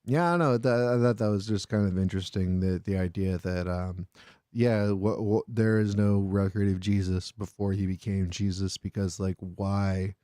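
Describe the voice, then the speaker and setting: A man's voice: low voice, fairly even intonation, normal speed, dark tone, dry recording, studio quality. A man in his thirties hosting a casual comedy call-in show, rambling with many fillers and laughing. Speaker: host. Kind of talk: casual comedy podcast chat. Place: studio.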